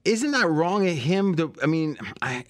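A man hosting a sports betting podcast, prodding his panel with questions and quick laughs. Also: fairly high pitch, expressive, dry recording, studio quality. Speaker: podcast host. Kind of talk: casual sports chat.

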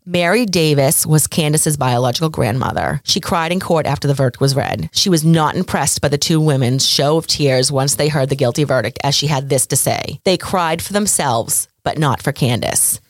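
Indignant low-voiced woman podcaster. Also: fairly quick, hardly any pauses, no echo, studio quality. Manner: emotional, indignant, reads case details aloud. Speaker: true crime podcast host. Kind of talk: casual true crime storytelling.

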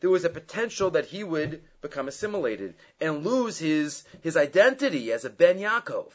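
A man's voice: on the high side, very animated, normal speed. Man teaching a Torah class, lo-fi. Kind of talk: Torah class, reading and explaining sources. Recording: dull lo-fi recording.

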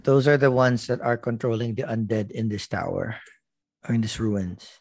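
A man's voice: lowish voice, moderate pace, creaky, darkish tone, dry recording. A man playing a tabletop game, reacting and asking short questions. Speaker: player. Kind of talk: casual tabletop game play.

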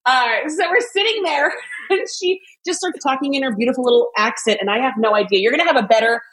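A woman guest telling a lively story and walking through a quick recipe in casual chat, with fast asides and lots of laughter. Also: sits high, rough recording. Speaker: cooking guest.

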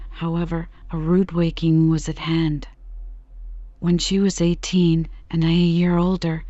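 A woman reading a long story aloud to lull listeners to sleep, in a soft, calm voice that slips into whispers. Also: fairly low pitch, no echo, muffled recording. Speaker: sleep podcast reader. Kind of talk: slow bedtime story reading.

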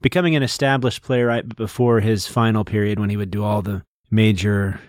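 A man's voice: lowish voice, fairly even intonation, brisk, a little mellow, no echo, studio quality. A man co-hosting a podcast, explaining things at length in a casual, lecturing way with plenty of fillers. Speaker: podcast co-host. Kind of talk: casual literary discussion.

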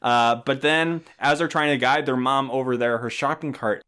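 A man co-hosting a podcast, recapping a movie in casual chat, sarcastic, swearing and slipping into quick voices for the characters. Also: mid-range voice, fairly even intonation, a bit bright, clear, resonant tone. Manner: swears casually, laughs at own jokes. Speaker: podcast co-host.

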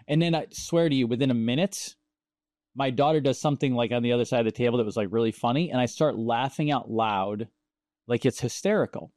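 A man hosting a conversation, telling stories in a casual, animated way and acting out the quoted voices. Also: medium pitch, a little fast, no echo, clean studio sound. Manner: animated, acts out quoted dialogue, laughs often. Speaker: show host.

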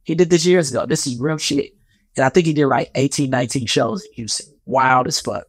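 A man's voice: medium pitch, a little fast, dry recording, clean studio sound. A man giving a heated, profane, rambling commentary rant in a casual vlog.

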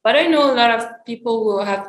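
A woman with a higher voice co-hosts a podcast in an echoey room. She speaks halting English in a casual chat and laughs often. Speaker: podcast co-host.

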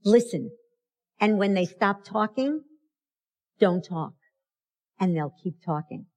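A woman speaker with an unhurried, deliberate pace and a mid-range voice. She is middle-aged and gives an emphatic parenting talk, acting out quoted parents and children as she tells stories. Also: medium pitch, expressive, a little mellow. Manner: storytelling, emphatic, acts out quotes. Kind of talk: motivational talk to an audience.

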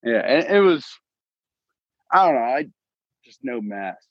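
A man's voice: mid-range voice, sing-song, unhurried, no echo. Rambling young man with muffled sound. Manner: rambling storyteller, laughs at own stories, swears casually. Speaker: podcast guest, comedian. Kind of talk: casual chat.

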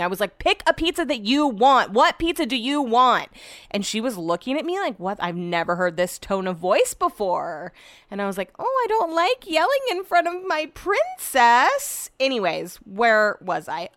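A woman's voice: medium pitch, fairly bright tone, dry recording, studio quality. A woman hosting a solo podcast, chatting casually in a rambling way, swearing freely and trailing off mid-sentence. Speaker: podcast host. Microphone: podcast microphone.

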